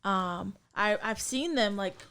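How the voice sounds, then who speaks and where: A woman's voice: mid-range voice, takes it slowly, a bit bright, smooth. A young adult woman co-hosting a podcast, telling stories in a loose, rambling way with lots of ums and likes. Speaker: podcast co-host. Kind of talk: casual chat.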